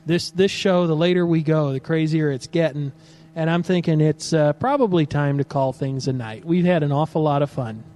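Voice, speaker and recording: A man hosts a late-night live stream and makes jokes to his audience. His voice sits a little high. He sounds tired. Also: moderate pace, mellow, a little hiss or hum. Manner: jokey, addresses the audience. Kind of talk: casual live-stream chat.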